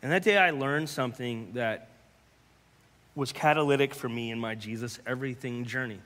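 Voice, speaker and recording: Earnest pastor with a bright voice. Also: male voice, mid-range voice. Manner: earnest, halting, repeats words, drops to hushed tones. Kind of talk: personal testimony sermon. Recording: long hall reverb.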